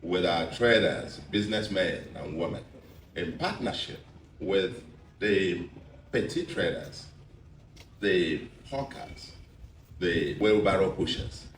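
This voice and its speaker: A man with a Nigerian accent, a re-elected governor giving an emphatic, deliberate victory speech and repeating phrases for effect. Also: low-pitched. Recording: roomy echo, distant mic, faint background noise.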